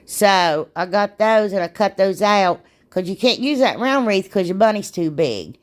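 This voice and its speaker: A woman's voice: medium pitch, expressive, a little slow. A woman chatting casually through a craft tutorial, rambling and self-deprecating, laughing at herself. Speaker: DIY crafts vlogger.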